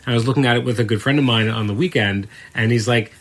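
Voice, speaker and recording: A man hosting a podcast interview, talking casually with halting starts and easy laughter. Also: medium pitch, fairly even intonation, fairly bright tone. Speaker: podcast host.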